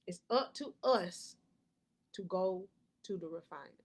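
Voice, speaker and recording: A woman's voice: lowish voice, expressive, measured pace. Woman preaching a motivational faith talk, keeps repeating herself and laughing. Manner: preachy, repeats key lines, laughs often. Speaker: life coach.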